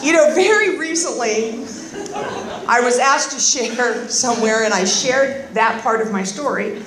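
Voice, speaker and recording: A woman's voice: a little high, measured pace, background noise. A woman in her fifties giving a humorous, sarcastic personal testimony at a recovery meeting, acting out voices as she goes. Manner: animated, sarcastic, acts out voices. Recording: roomy echoing meeting hall.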